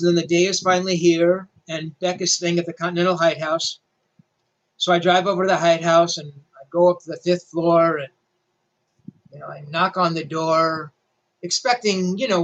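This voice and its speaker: A man's voice: high-pitched, a bit bright, low-quality recording. An older male rock journalist telling a story animatedly, with self-deprecating humor. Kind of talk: storytelling interview.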